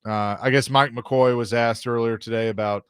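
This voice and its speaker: A man's voice: medium pitch, steady tone, normal speed, a bit bright, clean tone, no echo, clean studio sound. A man hosting a sports radio show, chatting casually, laughing easily and reading out news notes and draft-pick details.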